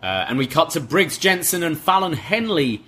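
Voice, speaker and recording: A man co-hosting a podcast, giving a relaxed, filler-heavy recap of a wrestling show. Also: on the high side, normal speed, slightly rough. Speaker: podcast co-host.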